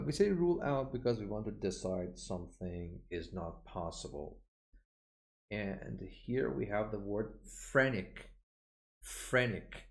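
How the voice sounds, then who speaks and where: A man with a very low voice teaches medical terms in a recorded online lesson. He speaks slowly and patiently, explaining each word and saying it again so learners can copy the pronunciation. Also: vocal fry. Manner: explanatory, with frequent "uh" fillers. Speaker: English vocabulary teacher.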